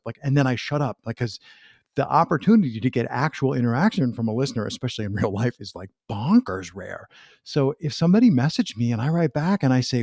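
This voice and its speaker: Male podcast host, casual and animated, mid-pitched, dry close mic. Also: quick pace, dry recording. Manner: chatty, animated, acts out quoted remarks. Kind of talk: casual conversational interview.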